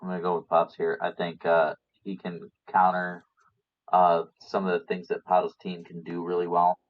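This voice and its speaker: A man co-hosting a casual recap show, giving his picks hesitantly, with many pauses and restarts. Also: deep voice, completely flat delivery. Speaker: podcast co-host. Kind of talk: casual chat about game picks. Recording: dull lo-fi sound.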